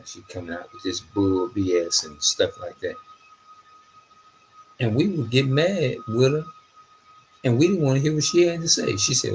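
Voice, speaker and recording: A middle-aged man, talking casually and cursing freely as he tells a story. His pitch swings widely from phrase to phrase. A faint background noise sits behind his voice. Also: moderate pace, long pauses, rough recording. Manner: animated, profane, loosely phrased storytelling.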